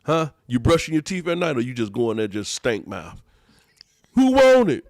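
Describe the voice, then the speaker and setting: A man's voice: mid-range voice, animated, fairly quick, dry recording. A man, a pastor hosting a podcast, preaching emphatically in casual talk and repeating his phrases.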